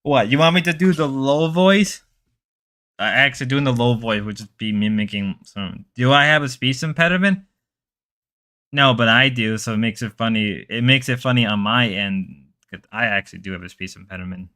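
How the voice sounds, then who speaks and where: Here a livestreamer whose first language is Spanish shoots the breeze with his chat, joking around and wandering off topic. His medium-pitched voice comes at a normal pace, bright and forceful with a clean, crisp tone, and he repeatedly lapses into playful impressions.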